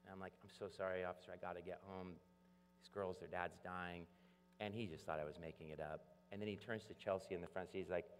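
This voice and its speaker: A man preaching a sermon, telling a story with lively acted-out voices. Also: lowish voice, fast, slight background noise. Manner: animated storytelling, acts out voices. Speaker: pastor. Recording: long hall reverb.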